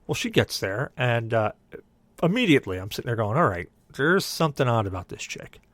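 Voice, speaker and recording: Guy on a podcast telling a drunk story, voice jumps all over, dry close sound, mid pitch. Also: fairly quick, no room sound. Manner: animated, voices others in quoted dialogue. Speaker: podcast co-host. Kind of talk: casual storytelling.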